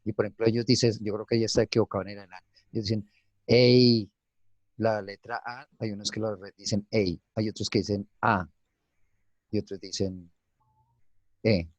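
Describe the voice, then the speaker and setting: A man from Colombia with a Colombian accent, a native Spanish speaker and student who asks questions haltingly, searching for words. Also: lowish voice, little pitch movement, a little mellow, dry recording, dull audio.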